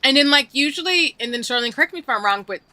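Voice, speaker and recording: A woman chats casually while she plays, talking back to her viewers in loose, slangy speech. Her voice is bright and sharp, and her pitch swings up and down through every sentence. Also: expressive, fast talker, no echo. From United States. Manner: chatty and slangy, reading chat aloud. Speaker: streamer. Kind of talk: casual chat while playing a game.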